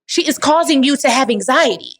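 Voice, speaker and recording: A woman from Dallas, Texas, answers audience questions in a live motivational Q&A, emphatic and preachy, calling listeners "baby." Her voice sits high, expressive and a little fast.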